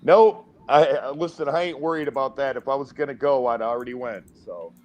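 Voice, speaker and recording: A man's voice: mid-range voice, brisk, a little mellow. A man on a casual stream, teasing and provoking his friends and laughing at his own jokes. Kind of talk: casual banter.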